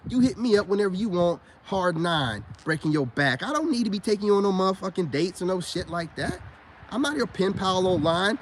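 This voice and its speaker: Middle-aged dude ranting to camera, cussing and bragging, kinda high voice, faint hum behind. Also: male voice. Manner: profane, boastful, street slang. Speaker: online commentator. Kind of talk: ranting monologue.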